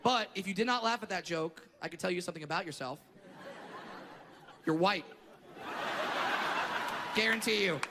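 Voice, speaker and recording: Brash stand-up man, very high voice, profane and shouty; live stage with audience noise. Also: normal speed, pauses often, in a large hall. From Southern California. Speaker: stand-up comedian. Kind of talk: stand-up set. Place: comedy stage before a laughing audience.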